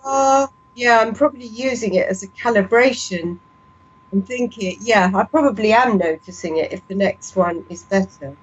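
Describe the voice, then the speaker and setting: A woman singing student, talking slowly and thoughtfully between sung vowel exercises. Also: medium pitch, breathy edge, muffled recording. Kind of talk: lesson exercises and chat.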